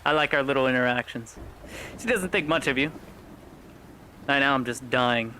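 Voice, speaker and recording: A man's voice: medium pitch, moderate pace, sharp tone, slight background noise, low-quality recording. A man streaming a roleplay game, chatting casually and joking between scenes, swearing freely.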